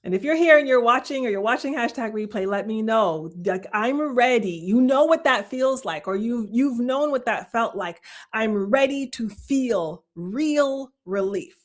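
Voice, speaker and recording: A woman's voice: a little high, lively intonation, unhurried. A middle-aged woman, telling a personal story to a live-stream audience in a casual way, often laughing, quoting herself and repeating phrases for emphasis.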